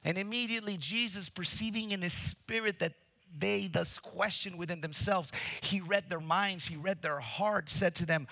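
Brief: male pastor, lively sermon delivery, raised pitch, gravelly, dry close sound. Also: normal speed, no echo. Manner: animated, acts out Bible scenes, addresses the congregation.

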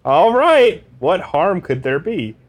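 A man playing a hapless male playboy in a comedic dramatic reading, with a high, strained voice. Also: sing-song, slow, heavily acted. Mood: tentative.

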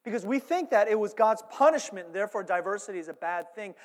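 A man preaching a sermon as a pastor, telling stories animatedly and swinging between hushed asides and loud, emphatic points. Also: high voice, fast, few pauses. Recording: long hall reverb.

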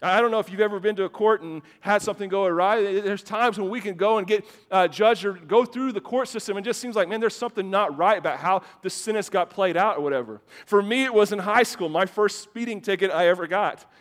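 The recording carries long hall reverb as a pastor delivers a sermon to his church congregation. His voice sits high, his pace is fairly quick with hardly any pauses, and he mixes in personal stories while frequently opening phrases with repeated words.

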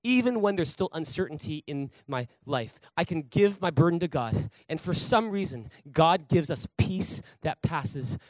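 Man, pastor, sermon, high voice, dry close sound, animated storytelling. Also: moderate pace, few pauses, dry recording, low-quality recording. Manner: animated storytelling with acted quotes. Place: church sanctuary.

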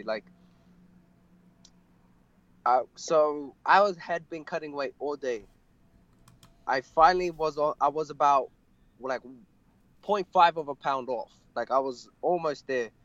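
A young man, an MMA fighter, telling a personal story in an interview, halting and full of fillers. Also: a little high, a bit bright, dry recording, highs cut off. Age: young adult. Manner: halting, many fillers and restarts.

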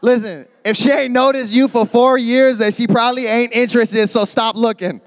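A young man preaching an energetic youth sermon as a youth pastor, animated and jokey, shouting for emphasis. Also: very high-pitched, moderate pace, long reverb tail.

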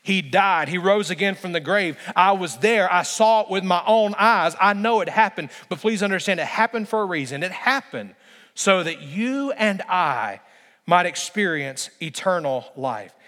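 A male pastor preaching a sermon with emphasis, slowing down to stress key phrases. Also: sits high, lively intonation, a bit bright, long reverb tail.

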